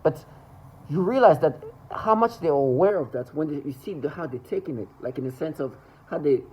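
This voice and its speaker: A man's voice: on the high side, animated, brisk, a little mellow, breathy edge, poor audio. A man talking to the camera in an agitated personal monologue, rambling with restarts and repetitions. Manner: rambling, restarts and repeats, mimics others' laughter. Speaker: vlogger.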